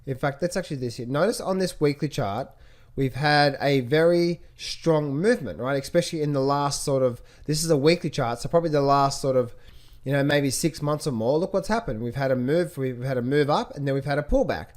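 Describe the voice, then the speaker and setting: A man's voice: medium pitch, fairly quick. A man teaching trading over a screen-share of charts. He keeps asking the viewer rhetorical questions and repeats phrases as he points things out. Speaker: trading educator.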